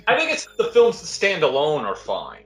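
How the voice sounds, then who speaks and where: A man's voice: fairly high pitch, huge pitch swings, moderate pace, fairly bright tone, faint music behind. A man co-hosting a podcast in casual chat, rambling and emphatic with some casual swearing. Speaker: podcast co-host.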